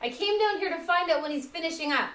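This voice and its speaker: A woman with a high, bright voice whose pitch jumps around a lot. She teases her husband dryly in casual banter, sounding slightly away from the mic. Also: lively intonation, fast talker. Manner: teasing, dry. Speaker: host's wife, walk-in guest.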